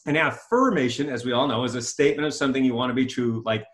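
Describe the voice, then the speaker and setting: Guy pitching his self-help method, eager and a bit repetitive, middle pitch, kinda salesy. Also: fast, a bit bright. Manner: enthusiastic, self-promoting, repeats himself. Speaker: self-help author and coach. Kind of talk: promotional interview talk.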